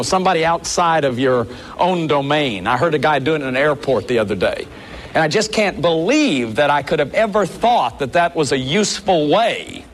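A man leading a workshop, lecturing an audience in an earnest, emphatic way, often stopping to say "see". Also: on the high side. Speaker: workshop leader.

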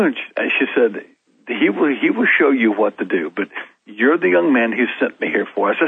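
A man's voice: medium pitch, big pitch swings, moderate pace, creaky, husky, no echo. A man telling his story as a guest on a talk show, with frequent restarts and laughs in between. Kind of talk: storytelling interview answers. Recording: narrow, phone-like dry sound.

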